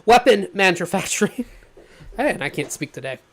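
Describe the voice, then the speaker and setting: A man co-hosting a podcast in casual chat, animated and laughing often as he pitches ideas. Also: moderate pace. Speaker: podcast co-host.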